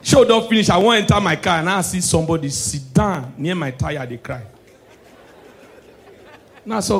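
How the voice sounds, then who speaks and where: A man with a Nigerian Pidgin English accent performing a stand-up comedy set, swinging between hushed preachy asides and shouted punchlines. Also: high voice, normal speed, vocal fry, long pauses, a little hiss or hum.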